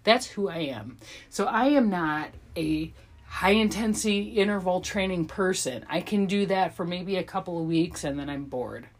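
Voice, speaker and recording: Husky low-voiced woman podcaster, rambling. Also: moderate pace, soft background music. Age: 30s. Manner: rambling, self-deprecating, frequent ums and restarts. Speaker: podcast host. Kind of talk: casual solo podcast monologue.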